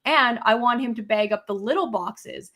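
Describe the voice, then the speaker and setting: Young adult woman, casual co-host, slightly high, animated storyteller. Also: moderate pace, lo-fi sound. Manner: animated storytelling, acts out quarrels with a rising voice. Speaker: podcast co-host. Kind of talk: casual chat.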